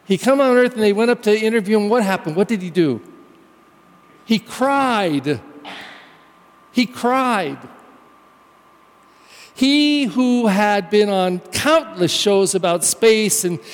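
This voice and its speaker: High-voiced preacher in a reverberant church. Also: male voice, a little slow. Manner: animated, conversational, storytelling. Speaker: pastor. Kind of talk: sermon.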